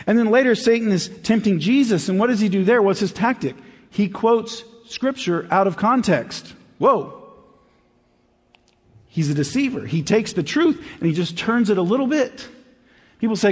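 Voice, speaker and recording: A man preaching a sermon as pastor, in a conversational way that drops low and quiet for emphasis. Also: big pitch swings, moderate pace, husky, big-room sound.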